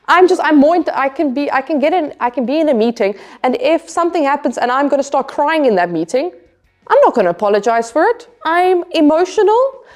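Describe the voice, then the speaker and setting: A woman's voice: fairly high pitch, a little mellow. A woman from Africa, answering interview questions in an earnest, emphatic way and often repeating her main points. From South Africa. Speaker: interview guest, tech developer.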